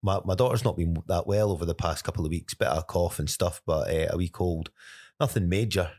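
A man's voice: deep voice, a little fast, darkish tone, dry recording, clean studio sound. A Scottish man telling a personal story in a casual podcast chat, earnest and step by step. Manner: earnest, recounts events step by step. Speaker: podcast co-host.

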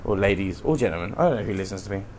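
A man's voice: low voice, racing, darkish tone, a little hiss or hum. A young man hosting a solo podcast from home, ranting in a profane, rambling, heated way. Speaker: podcast host. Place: room at home.

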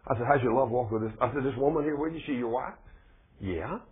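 Husky preacher man on a thin line. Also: medium pitch, quick pace. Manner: folksy, conversational preaching with plain speech and rising emphasis. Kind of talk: sermon. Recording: phone-like, thin lo-fi recording.

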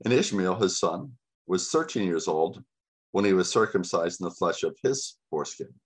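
A pastor delivers his sermon in a fairly low voice. He leans hard on key words, pausing and repeating them for emphasis. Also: animated. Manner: emphatic preaching with dramatic pauses and repetition.

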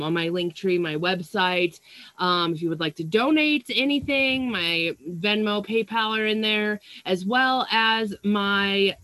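A woman's voice: mid-range voice, a bit bright, no echo. A young woman who works as a psychic medium, talking casually through an earphone mic in a small room at home, rambling and swearing often between fillers. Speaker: psychic medium and astrology vlogger. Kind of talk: casual livestream chat. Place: small stuffy room at home with fans running.

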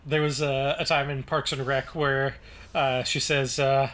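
Bright-voiced man reading and chatting. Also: mid-range voice, flat delivery, a little slow. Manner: reads narration then breaks off to comment, with chatty restarts. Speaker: podcast co-host reading a novel aloud. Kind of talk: casual book-discussion podcast, reading passages aloud.

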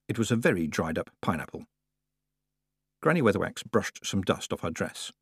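A man narrating an audiobook in a lively, expressive storytelling manner. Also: low-pitched, moderate pace, breathy edge, no echo, clean studio sound.

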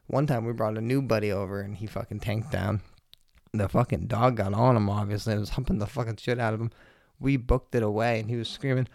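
A man's voice: medium pitch, vocal fry, darkish tone, no echo, clean studio sound. A young man hosting his own podcast, telling loose, profane, jokey stories in a casual rambling monologue. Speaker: podcast host.

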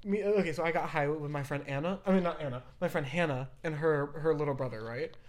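A young woman hosting a casual chat, telling stories in an animated way and swearing freely. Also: low voice, fast talker, slight background noise. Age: young adult. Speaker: podcast host.

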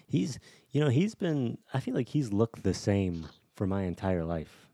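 Low gravelly man, relaxed podcast chat. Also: unhurried, no echo, studio quality. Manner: laughs often, relaxed and joking. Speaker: podcast co-host. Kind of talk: casual chat.

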